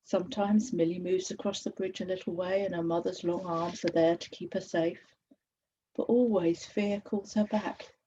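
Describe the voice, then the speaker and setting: A woman's voice: on the low side, fairly even intonation, warm tone, dull audio, a little hiss or hum. Woman reading a storybook aloud. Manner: slow, measured reading. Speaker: author. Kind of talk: reading a picture book aloud.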